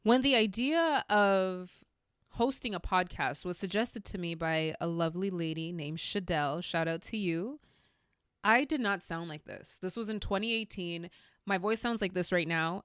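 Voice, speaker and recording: A woman's voice: fairly low pitch, moderate pace, a bit bright, clear, resonant tone, no room sound, clean studio sound. A young adult woman hosting a solo podcast, speaking candidly and telling stories with spiritual musings. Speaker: podcast host. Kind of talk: reflective solo podcast monologue.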